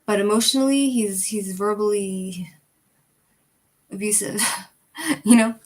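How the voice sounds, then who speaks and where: A woman's voice: mid-range voice, a little slow. A woman in her thirties telling a personal story in casual chat, rambling with fillers and breaking into laughs. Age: 30s. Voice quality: rambling, animated, frequent fillers. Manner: laughs between sentences. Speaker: channel host.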